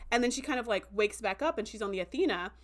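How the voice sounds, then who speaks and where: A woman hosting a casual livestream review, chatty and full of "like" and "um" fillers, who slips into animated voices when quoting characters. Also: fairly high pitch, fast talker. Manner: breaks into animated voices for quotes.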